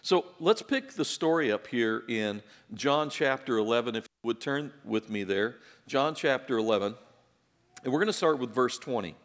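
A man preaching a sermon in a relaxed, conversational way, with joking asides and repeated words. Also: mid-range voice, normal speed. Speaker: pastor. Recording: long reverb in a large hall.

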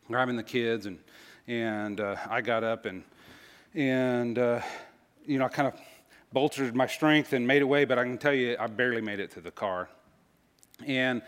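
A man telling a personal story to an audience in a casual, halting way, with many fillers and restarts. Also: mid-range voice. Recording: long hall reverb.

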